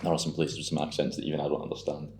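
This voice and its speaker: A man's voice: very deep voice, completely flat delivery, very fast, creaky, a little mellow. A man with a Scottish accent hosting a podcast, chatting casually in a blunt, teasing and sweary way. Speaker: podcast host. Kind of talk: casual chat. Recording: echoey room with a faint hum.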